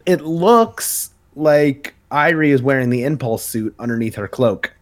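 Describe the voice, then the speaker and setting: A man's voice: medium pitch, animated, unhurried. A man co-hosting a podcast, recapping a comic issue in casual chat with many filler words. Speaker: podcast co-host.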